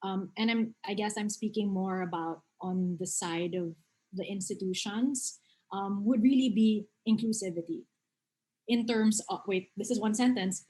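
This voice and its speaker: A woman speaking as a panelist in an online discussion, thoughtful and measured, correcting herself as she goes. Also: mid-range voice, dark tone, poor audio. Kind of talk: casual panel discussion on a video call. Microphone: video call.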